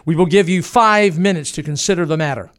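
A man's voice: a little high, brisk, fairly bright tone, lightly acted. A man voicing a stern male army officer issuing firm ultimatums in a dramatized history narration. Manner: firm, commanding.

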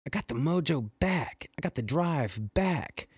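A middle-aged man hosting a motivational podcast. He speaks slowly and earnestly, rambles and restarts, and his voice jumps high when he quotes people. The recording is close and dry. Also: lively intonation, breathy edge, dry recording. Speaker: podcast host.

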